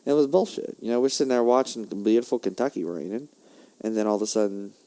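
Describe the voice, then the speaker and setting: A man's voice: on the low side, quick pace. Heated, foul-mouthed young man ranting. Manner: heated, profane, swings between shouting and muttering. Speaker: podcast host. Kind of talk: ranting podcast monologue.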